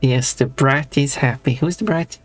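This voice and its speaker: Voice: mid-range voice, moderate pace, slightly rough, soft background music. A streamer chatting casually while drawing, rambling, breaking off mid-thought and humming along playfully. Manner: rambling and self-interrupting; playful, hums to themself.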